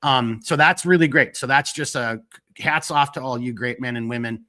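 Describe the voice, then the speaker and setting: A man hosting a live stream, chatting casually and rambling through fillers while reading out viewer shout-outs. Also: medium pitch, moderate pace. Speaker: host of a live stream talk show.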